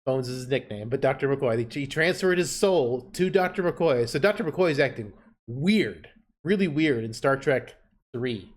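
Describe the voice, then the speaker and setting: A man's voice: mid-range voice, lively intonation, normal speed. A man co-hosting a podcast, explaining things in a chatty, playful way. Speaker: podcast co-host. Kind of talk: casual chat.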